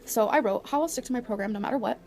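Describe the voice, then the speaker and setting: A woman's voice: on the high side, very fast, dark tone, a little hiss or hum. A woman vlogger talking casually to her viewers and reading her notes aloud, apologetic and chatty. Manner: apologetic, chatty, giggly asides.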